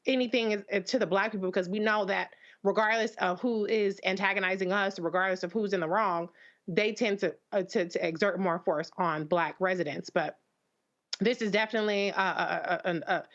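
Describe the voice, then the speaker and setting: A woman's voice: mid-range voice, steady tone, a little fast, a bit bright. A woman commissioner who speaks in a blunt, heated way, often stumbling over and repeating words before she gets going. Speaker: local commissioner. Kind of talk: live panel remarks. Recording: dull lo-fi remote audio.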